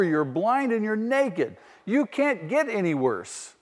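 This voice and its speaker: A male pastor delivers a sermon in a church, pressing his points and firing rhetorical questions at the congregation. His voice sits fairly high for a man. The sound carries a long hall reverb. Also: sing-song, slow.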